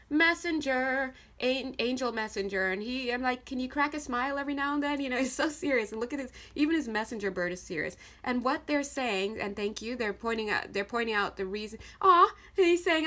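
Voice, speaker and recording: Chatty, animated woman reading tarot. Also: a little high. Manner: chatty and animated, addresses viewer directly, laughs often. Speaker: tarot card reader. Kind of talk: casual tarot reading to viewers.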